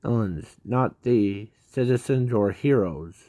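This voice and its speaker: A man slowly narrating an improvised fan story, halting often with restarts and fillers. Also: on the low side, dark tone, no echo.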